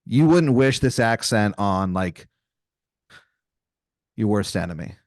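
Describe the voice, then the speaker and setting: A man's voice: lowish voice, animated, slow, a little mellow, no room sound, clean studio sound. A man improvising a comedy story on a podcast, casual and profane, rambling with fillers. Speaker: podcast co-host.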